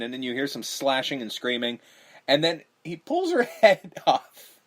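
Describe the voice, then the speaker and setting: Man, podcast host, casual movie recap, swears a lot, acts out scenes, mid-pitched voice. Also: normal speed. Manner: profane, animated, acts out movie lines.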